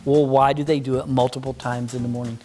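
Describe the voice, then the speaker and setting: A man's voice: medium pitch, level tone, fast, warm tone, soft background music. A man teaching children a Bible story, patient and mock-stern with a puppet that keeps interrupting.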